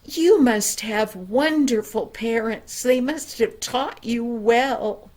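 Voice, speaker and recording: An older woman voicing a kindly elderly neighbor who speaks graciously and with warm emphasis. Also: on the high side, slow pace.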